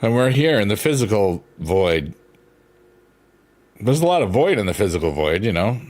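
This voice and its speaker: A man's voice: lowish voice, very animated, moderate pace, darkish tone. A man from New York rambling casually on a stream, meandering and playful as he talks to his chat. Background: piano music.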